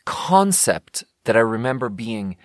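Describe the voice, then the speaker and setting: A man's voice: medium pitch, sing-song, a little slow, no echo, studio quality. A man, hosting a podcast in a rambling, profane casual monologue. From Sweden. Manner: rambling, profane, self-correcting. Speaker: podcast host.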